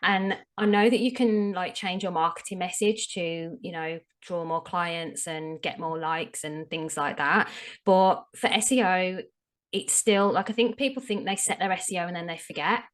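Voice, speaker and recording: Through a low-pitched, easygoing voice, a woman talks as an interview guest, laying out practical advice in a frank, chatty manner. She leans hard on her main warnings and keeps the explanations plain and friendly. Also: normal speed. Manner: frank, explanatory, emphatic on tips. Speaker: SEO strategist, podcast guest. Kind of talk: casual interview chat.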